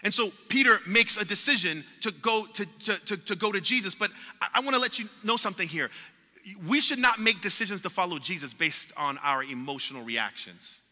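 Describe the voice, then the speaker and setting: A pastor preaching a sermon with passion, repeating words and acting out what people say. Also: male voice, sits high, a little fast, sharp tone. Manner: impassioned preaching with repetitions and acted-out quotes. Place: church sanctuary. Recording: long hall reverb in a church.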